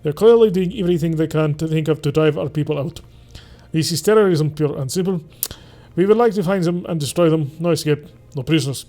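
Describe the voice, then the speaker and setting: Grim officer briefing with a wobbly Russian-turned-Scottish accent, put on by a man; mellow, raised voice. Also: a little high, brisk, natural voice. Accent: attempted Russian drifting into Scottish. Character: stern male officer giving a mission briefing. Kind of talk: reading a mission briefing in a put-on voice.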